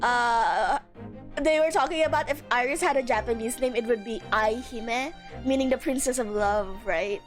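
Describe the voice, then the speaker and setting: A woman streaming a game live, excitable, giggly and crude in her chat. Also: a little high, moderate pace, faint music behind.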